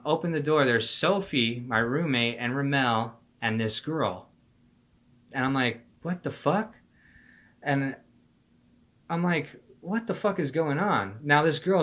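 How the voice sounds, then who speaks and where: A young man with a bright, forceful voice tells a story from his own life in a loose, casual monologue. His talk is slangy and profane, packed with "like", "dude" and "bro". His pitch sits at an ordinary middle height. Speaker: vlogger telling a personal story.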